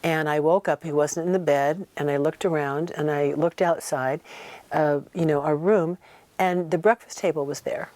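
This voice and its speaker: Low-voiced woman telling a story. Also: normal speed, no echo. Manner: animated, acts out quoted voices. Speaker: guest recounting memories. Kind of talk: casual interview storytelling.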